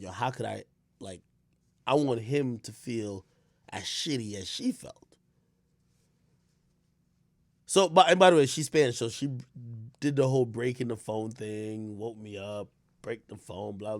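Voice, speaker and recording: A young man in casual reaction commentary, telling stories with lots of fillers and sudden bursts of shouting. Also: medium pitch, no echo. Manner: animated storytelling with frequent fillers, bursts of shouting. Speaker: streamer commentator.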